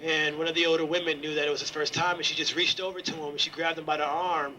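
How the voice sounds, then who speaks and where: A young man speaking to a campus gathering, earnest and halting, pausing often as he shares a personal reflection. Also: fairly high pitch, level tone, pushed and bright, a little hiss or hum, poor audio. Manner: earnest, halting, with many ums and pauses. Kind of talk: heartfelt spoken reflection.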